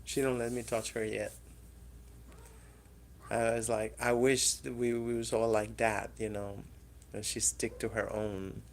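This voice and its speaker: Speaking with an extremely low pitch that barely moves, a woman talks to her cats at her apartment, coaxing and teasing them for a camera set up in the room. She keeps a measured pace and pauses often. A little background noise is audible.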